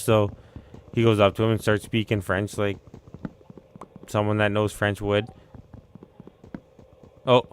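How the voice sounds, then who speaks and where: A man's voice: fairly low pitch, steady tone, takes it slowly, pauses often, slight background noise. A young man, chatting casually on a live stream and rambling through a story in an easygoing way. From Canada.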